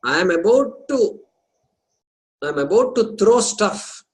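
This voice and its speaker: Speaking to his students in a scripture study class, this man explains and repeats terms slowly, pausing hesitantly at times. His voice sits high and sounds animated, though the audio is poor.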